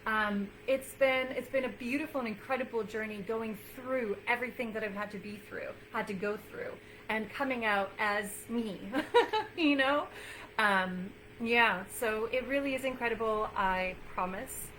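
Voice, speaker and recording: Her voice is on the high side and fairly bright, moving at a moderate pace as this nutrition coach talks casually to camera. She's earnest and encouraging, repeats phrases for emphasis, and uses many fillers; the audio is poor with slight background noise.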